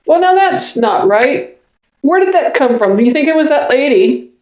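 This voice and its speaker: A woman's voice: high-pitched, very animated, moderate pace, a little mellow. A woman playing a tabletop game, casually thinking aloud with ums. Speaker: player. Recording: echoey, dull lo-fi sound.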